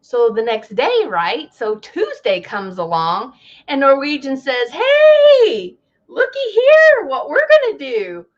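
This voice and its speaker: A woman's voice: a little high, wildly swooping pitch, a little slow, dull audio. A woman hosting a casual live travel chat, telling news as a story and acting out the people she quotes.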